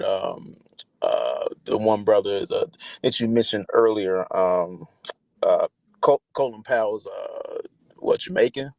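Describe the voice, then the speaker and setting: A male caller with a low voice speaks hesitantly and fills the gaps with many ums and uhs. The sound is dry and close. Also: vocal fry, dry recording. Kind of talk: call-in conversation.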